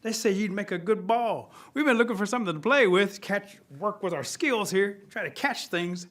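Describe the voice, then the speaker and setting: A man's voice: high-pitched, expressive, moderate pace, fairly bright tone. A man voicing a group of smug, playful panthers with a casual way of talking.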